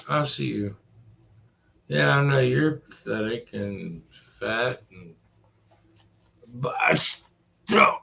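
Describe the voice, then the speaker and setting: A man's voice: mid-range voice, lively intonation, extremely slow, creaky, pauses often, sharp tone. A man in his forties rambling in a casual, profane chat and talking to his dog. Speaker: vlogger.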